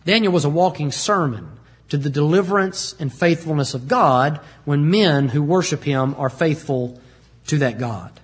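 A preacher delivers a sermon with a high, husky voice. He is emphatic, drives points home through repetition, and explains scripture in plain words. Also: normal speed.

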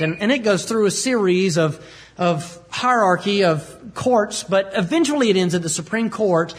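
A preacher delivers a sermon with a high, husky voice. He is emphatic, drives points home through repetition, and explains scripture in plain words.

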